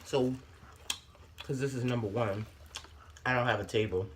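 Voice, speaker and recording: A woman chatting casually on a mukbang in a bedroom, animated and slangy, humming over her food. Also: very deep voice, normal speed, slight background noise. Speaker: mukbang co-host. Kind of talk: casual chat while eating.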